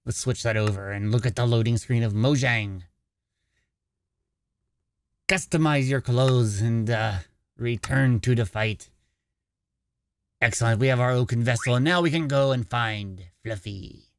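A man's voice: medium pitch, a little slow, long pauses, no echo. A man with an ordinary, mid-range voice chats his way through his own gameplay in a casual, playful manner. He drops into a jokey pirate voice now and then. The sound is close and dry, with no room around it. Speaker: gaming channel host.

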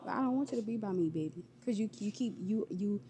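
Mellow-voiced woman talking to a child. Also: medium pitch, expressive, quick pace, slight background noise. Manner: talks in short repeated fragments, calls the child baby. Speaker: vlogger pranking her goddaughter. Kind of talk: casual vlog talk to a child. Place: inside a store.

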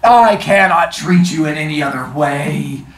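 Haughty giant genie acted by a man, loud, slow and grandly menacing, with a roomy, distant sound. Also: lively intonation. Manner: booming, slow and stately, archaic speech. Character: haughty giant male genie, grumpy and threatening. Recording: roomy, distant mic, faint noise.

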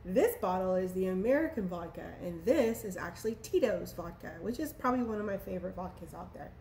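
A woman's voice: mid-range voice, lively intonation, fairly quick, darkish tone. Playful lady vlogging a drink recipe at home, echoey room, a little background hum. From Texas. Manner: chatty, playful, laughs at herself. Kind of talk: casual cocktail how-to vlog. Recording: echoey room with faint ambience.

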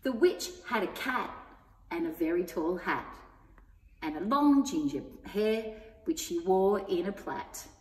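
A woman reading a rhyming picture book aloud to children, expressive and sing-song. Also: on the low side. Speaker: story time reader. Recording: echoey room with long reverb.

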